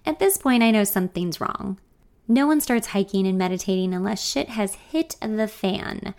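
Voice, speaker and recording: A young woman tells her own story in the first person. Her delivery is conversational, wry and candid, at a middle pitch. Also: moderate pace, darkish tone. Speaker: narrator.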